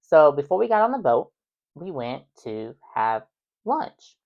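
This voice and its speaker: A woman's voice: sits low, sing-song, unhurried, lo-fi sound. A woman host telling a personal story in a chatty way, full of fillers and exasperated asides. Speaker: podcast host.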